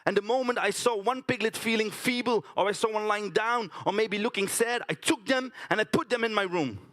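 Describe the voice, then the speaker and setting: A man's voice: high-pitched, a little fast, a bit bright. A man performing a theatrical storytelling monologue on a conference stage, chatting to the audience with tag questions.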